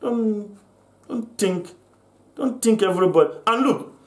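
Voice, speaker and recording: A man's voice: high voice, expressive, a little slow, a little mellow. An older man from Africa delivering an angry vlog rant, accusing and full of repeated restarts. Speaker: vlogger. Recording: roomy echo.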